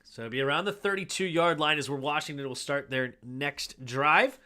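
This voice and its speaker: A man hosting a fan livestream who gives casual play-by-play and analysis, with sudden loud, excited reactions to big plays. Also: a little high, moderate pace. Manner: excitable, bursts of loud reactions over steady calls.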